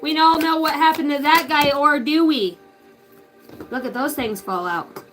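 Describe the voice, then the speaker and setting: Woman, 30s, psychic medium on a casual live reading; high-pitched, rambling and profane, loud bursts then soft asides. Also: lively intonation, moderate pace, soft background music.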